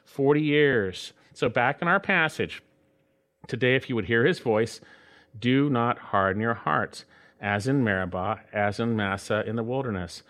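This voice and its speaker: A man preaching a sermon as a pastor, earnest, slowing down to read scripture and rising for emphasis. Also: medium pitch, a bit bright.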